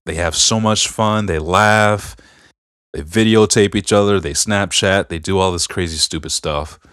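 A middle-aged man with a deep, low voice talks in a casual podcast chat. He tells family stories earnestly, rambling a little and leaning on fillers. The sound is dry and close, with no room around it. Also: a bit bright, clear, resonant tone, dry recording. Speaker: podcast co-host.

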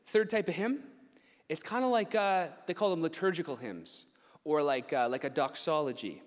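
A young man preaching as a youth pastor, conversational and animated, laughing and acting out asides. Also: fairly high pitch, normal speed. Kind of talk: sermon. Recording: long hall reverb.

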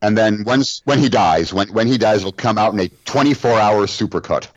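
A man's voice: lowish voice, brisk, no room sound, muffled recording. A man co-hosting a podcast in casual chat, playful and jokey. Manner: playful, jokey sign-off banter. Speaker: podcast co-host.

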